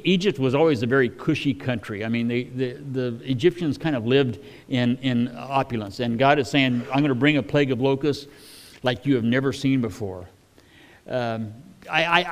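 A preacher gives a sermon in a medium-pitched voice, relaxed and conversational. His folksy delivery is full of fillers and restarts, as though he's just chatting with the congregation.

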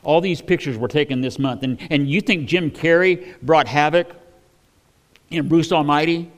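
A man's voice: a little high, normal speed. A man preaching a sermon in a folksy, conversational way, often restarting with fillers.

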